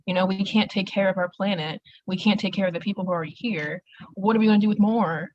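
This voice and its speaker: A woman's voice: mid-range voice, steady tone, fast talker, a little mellow, muffled recording, a little hiss or hum. A young woman activist in casual group discussion, talking earnestly and emphatically. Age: young adult. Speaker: youth activist.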